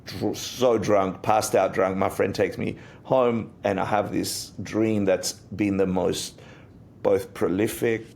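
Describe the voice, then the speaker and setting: Man guest, low gravelly voice, animated storyteller, faint rumble behind. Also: takes it slowly. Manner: animated storyteller, acts out quotes. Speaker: interview guest, Buddhist teacher. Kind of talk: casual storytelling in a podcast interview.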